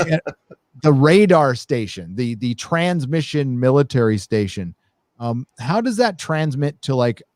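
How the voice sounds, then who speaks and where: Guy rambling through a movie recap, lots of uh and um, dry close mic, middle pitch. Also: a little mellow, no room sound. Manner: rambling, many fillers and restarts. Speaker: show co-host. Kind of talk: casual podcast movie review.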